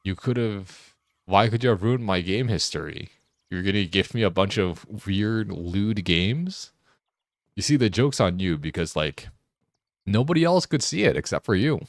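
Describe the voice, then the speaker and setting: A young man with a low, deep voice chats casually while streaming a game. He teases and jokes, often tripping over his own sentences. The sound is dry and close, with no room echo. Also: expressive, normal speed. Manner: joking, teasing banter with frequent restarts. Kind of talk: casual chat while gaming.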